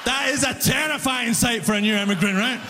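A man doing a stand-up comedy routine, telling stories with animated energy and laughing along, English not his first language. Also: extremely high pitch, fairly quick, long reverb tail, noisy background. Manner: animated storyteller, breaks into laughter.

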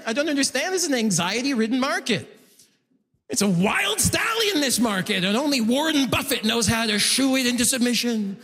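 A male stand-up comedian, performing a set in a large concert hall, lively and jumping into voices. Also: very high voice, normal speed, slightly rough. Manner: animated, jumps into voices. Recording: live hall reverb. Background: audience laughter.

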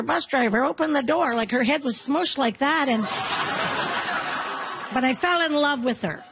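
A woman in her fifties performing a stand-up comedy set, telling animated stories and acting out quotes. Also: medium pitch, breathy edge. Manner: animated storytelling with acted-out quotes.

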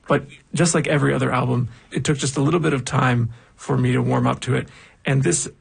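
A man's voice: mid-range voice, level tone, quick pace, creaky, breathy edge. A man presenting a music radio show in a chatty, enthusiastic way, with occasional fillers.

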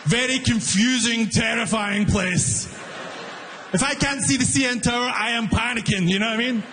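A man performing a stand-up comedy set on stage, animated and acting out the people in his stories. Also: very high-pitched, moderate pace, in a large hall, a little hiss or hum. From not from Canada. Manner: animated, acts out characters in raised voice.

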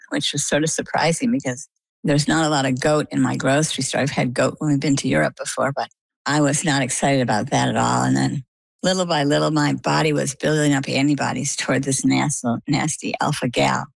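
A woman's voice: very deep voice, fairly even intonation, fairly quick, gravelly, husky, dry recording, low-quality recording. A woman recounting a personal health story in an interview, acting out quoted dialogue as she goes. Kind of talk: conversational interview answers.

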